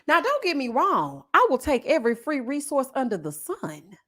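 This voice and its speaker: In a storytelling chat, a young commentary channel host from Houston, Texas, tells a personal tale with a high, bright, forceful voice whose pitch swoops wildly. She moves at a moderate pace and stays sassy and dramatic, acting out the voices she quotes.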